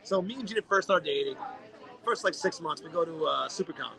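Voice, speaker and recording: A young man co-hosting a podcast, telling animated stories in casual chat and swearing freely. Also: on the high side, brisk, vocal fry, a crowd in the background, poor audio. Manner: animated storyteller, heavy swearing. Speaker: podcast co-host.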